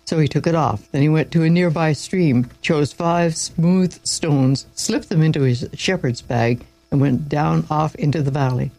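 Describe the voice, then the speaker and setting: A man's voice: on the high side, measured pace, creaky, few pauses, darkish tone, poor audio. A man reading a Bible story aloud in an informal way, with small slips and asides along the way.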